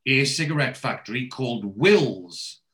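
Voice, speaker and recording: A man of medium pitch chats casually on a podcast. He rambles and restarts as he recaps a TV episode. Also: lively intonation, unhurried, bright, forceful tone. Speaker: podcast co-host.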